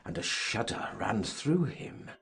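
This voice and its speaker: A man narrating a classic novel as an audiobook, in a measured, unhurried storytelling manner. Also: a bit bright. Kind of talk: scripted narration.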